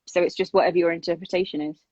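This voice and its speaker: A woman with an English accent chatting casually on a phone livestream, reading fan questions aloud in a brisk, chatty way. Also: lowish voice, fairly even intonation, darkish tone, no room sound. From England. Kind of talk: casual live-stream chat. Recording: dull lo-fi phone audio.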